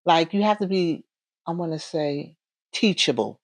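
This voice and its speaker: A woman in her forties with a Northern US accent, a correctional officer talking casually in an interview, bubbly and animated, acting out the voices in her stories. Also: low-pitched, measured pace, no echo. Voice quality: bubbly, warm-hearted. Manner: animated, storytelling, acts out quoted voices.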